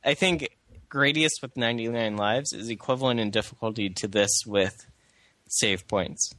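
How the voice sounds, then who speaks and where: A man's voice: medium pitch, normal speed, pushed and bright, dry recording. A young man co-hosting a casual podcast, rambling with lots of fillers and restarts. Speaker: podcast co-host. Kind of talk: casual chat about video games.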